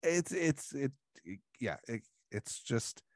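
A man's voice: medium pitch, very animated, no echo, clean studio sound. A man chatting as a podcast guest, thinking aloud with many restarts and filler words. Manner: thoughtful, halting, with many restarts and filler likes. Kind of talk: casual conversational chat.

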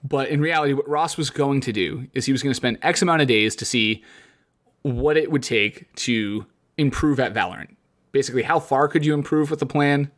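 A man of ordinary pitch chats casually on a podcast mic. He rants in bursts, doubling back on words and hammering the same point again and again. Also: a little fast, a bit bright. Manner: ranting, emphatic repetition. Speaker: podcast co-host. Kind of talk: casual chat.

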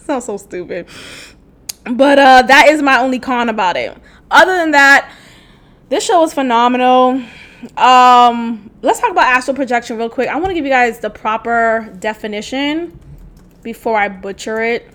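High-voiced woman hosting her podcast, casual and animated, cusses and laughs, gets loud then drops quiet. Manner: animated, jumps between loud outbursts and quiet asides; profane, laughs often. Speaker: podcast host.

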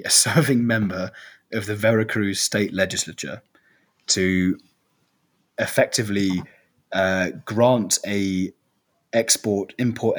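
A man telling a personal travel story in an animated, halting way, full of restarts. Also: sits low.

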